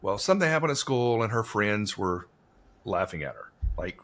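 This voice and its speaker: A man's voice: fairly low pitch, sing-song, moderate pace, fairly bright tone. A man telling a story in a casual podcast conversation, rambling, with many fillers.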